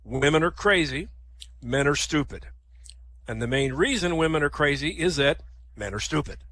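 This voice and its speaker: A man runs a comedy night, firing off stand-up jokes and laughing at his own punchlines, with a throat-clear here and there. His voice sits a little high and sounds bright and forceful. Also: lively intonation, normal speed. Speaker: comedian hosting a joke night. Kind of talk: stand-up joke telling.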